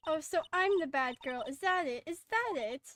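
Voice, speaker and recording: A woman's voice: sits high, lively intonation, normal speed, a bit bright, a little hiss or hum. A woman voicing a haughty, snippy young witness. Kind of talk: reading game dialogue aloud.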